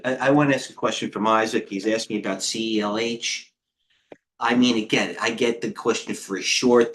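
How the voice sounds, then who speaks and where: A middle-aged man hosting a live trading stream, giving casual market commentary in a rambling way, with quick asides, restarts and talking to himself. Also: lowish voice, fairly bright tone. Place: indoor room with a heater on.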